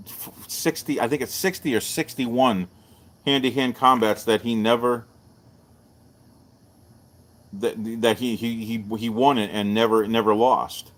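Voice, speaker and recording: A middle-aged man, hosting a live-streamed martial arts show and telling stories in a loose, animated way. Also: measured pace, long pauses. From Texas. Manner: animated storyteller, jumps up in pitch for quoted voices. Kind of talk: casual storytelling to a live stream.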